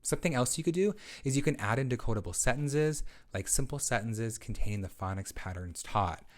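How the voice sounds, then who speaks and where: Speaking a little fast and animatedly in a medium-pitched voice, a man who studies literacy leads a parent webinar. He breaks teaching routines down step by step, adding prompts the way a teacher would.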